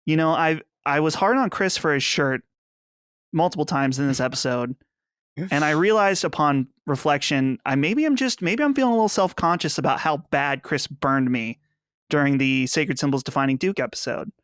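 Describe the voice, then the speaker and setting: A man's voice: a little high, lively intonation, normal speed, a bit bright, clear, resonant tone, dry recording, clean studio sound. A man co-hosting a podcast, talking in an earnest, rambling, mock-solemn way. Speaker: podcast co-host. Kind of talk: casual chat.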